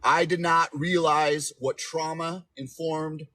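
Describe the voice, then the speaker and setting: A man's voice: fairly high pitch, level tone, takes it slowly, pushed and bright, a little hiss or hum. A man in his forties giving relationship advice on a livestream, emphatic and repetitive, often asking "okay?". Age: 40s. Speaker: relationship coach.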